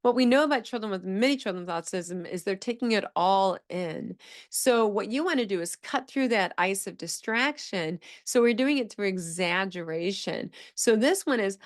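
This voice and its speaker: A woman's voice: medium pitch, animated, normal speed. A woman speech-language pathologist teaching on a podcast, explaining points step by step and acting out phrases with exaggerated, sing-song intonation. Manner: explanatory, repeats key phrases, says "okay?" to check in.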